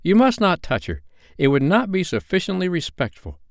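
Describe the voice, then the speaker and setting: A man voicing a commanding young boy who leads a band of lost boys and gives crisp orders. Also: high voice, big pitch swings, moderate pace, dry recording, studio quality, pitched above the performer's own voice, heavily acted.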